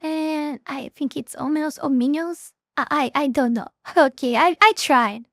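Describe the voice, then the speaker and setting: A woman's voice: high-pitched, measured pace, no echo, clean studio sound. A woman hosting a reaction video, commenting casually with many restarts and fillers. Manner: hesitant, frequent restarts and fillers.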